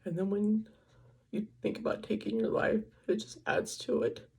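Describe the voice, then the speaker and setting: Tearful older woman with a gravelly voice. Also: mid-range voice, fairly even intonation, moderate pace, darkish tone. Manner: emotional, tearful confiding. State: crying. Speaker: vlogger. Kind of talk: personal vlog.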